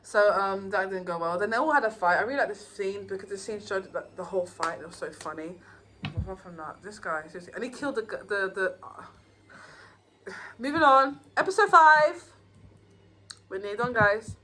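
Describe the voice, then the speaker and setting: A woman casually reviewing TV episodes, rambling and excitable with many fillers and restarts. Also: mid-range voice, moderate pace, rough recording. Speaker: YouTuber reviewing TV shows.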